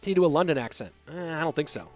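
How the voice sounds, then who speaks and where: A young man with a slightly high voice casts a game live from his home office, rambling and chatting straight to his viewers. Faint game music plays underneath him. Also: animated, racing. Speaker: esports caster. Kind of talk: solo live-stream commentary and chat reading.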